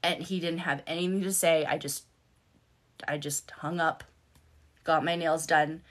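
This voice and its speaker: A woman's voice: deep voice, steady tone, a little slow. A woman life coach telling a personal story on a live stream, speaking bluntly and emphatically and swearing freely. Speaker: life coach and content creator. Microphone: phone.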